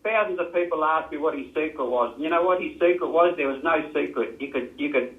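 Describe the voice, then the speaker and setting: A man's voice: a little high, fairly quick. An older Australian man, a retired jockey, telling rambling stories and acting out what others said. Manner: rambling, repeats himself, acts out quotes. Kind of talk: casual storytelling. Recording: echoey, tinny phone-like sound.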